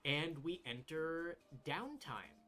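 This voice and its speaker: A man narrating a tabletop role-playing game as game master, relaxed and descriptive with frequent fillers. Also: a little high, slow pace, soft background music.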